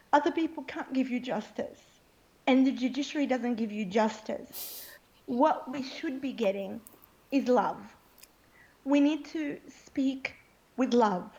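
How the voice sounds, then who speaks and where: Aussie woman guest, fairly high voice, earnest and fired up, keeps saying okay?. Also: unhurried, a little mellow, lo-fi sound. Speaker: interview guest. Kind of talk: impassioned interview talk.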